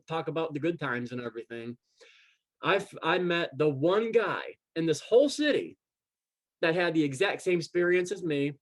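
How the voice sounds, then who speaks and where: A man recounts a story in relaxed conversation, speaking in a fairly high voice. He slips into the voices of the people he quotes. His sentences often restart with repeated words. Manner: animated, acts out quoted dialogue. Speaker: guest. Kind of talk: casual storytelling chat.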